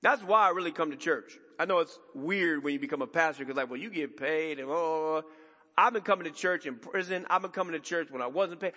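A man preaching a sermon as pastor, emphatic and conversational with dramatic pauses, in a church sanctuary. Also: a little high, bright, forceful tone, long reverb tail.

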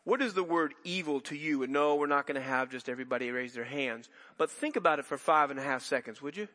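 Male pastor, conversational sermon full of asides and restarts, lifted pitch, echoing church. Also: fast, sharp tone. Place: church sanctuary.

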